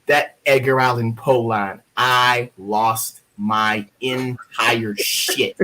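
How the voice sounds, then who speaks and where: A man in his thirties from Baltimore with an American accent, a guest poet telling stories in a casual interview, lively and profane, acting out other people's voices. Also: mid-range voice, slow, few pauses, poor audio. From Baltimore, USA. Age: 30s.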